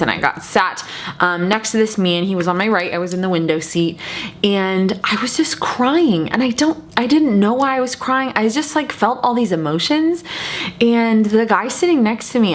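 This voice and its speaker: A young woman vlogger telling a personal story in a chatty, animated way, with lots of fillers and repeated words. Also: medium pitch. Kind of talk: casual storytelling to camera.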